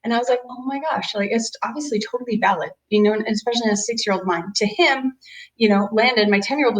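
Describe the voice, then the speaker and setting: A woman in her thirties, a chiropractor, giving a casual webinar talk on parenting from her office, rambling with lots of "um" and "you know". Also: mid-range voice. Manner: acts out quoted voices of her kids and parents. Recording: roomy, distant-sounding office recording.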